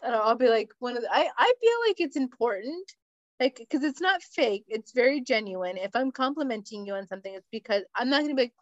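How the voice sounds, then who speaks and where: A woman's voice: fairly high pitch, animated, a little fast, no room sound, lo-fi sound. A woman co-hosting a podcast, telling stories in casual chat, swearing freely and laughing as she talks. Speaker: podcast co-host.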